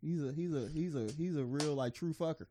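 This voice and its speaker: A man's voice: fairly high pitch, brisk, warm tone, faint music behind. A man co-hosting a podcast in casual chat, swearing freely, laughing often and restarting his sentences. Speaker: podcast co-host.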